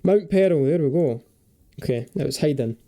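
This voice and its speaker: A man's voice: a little high, animated, moderate pace, dark tone, faint music behind. A young man giving chatty, casual commentary while playing a geography game, thinking aloud and swearing and joking freely. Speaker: gaming video creator.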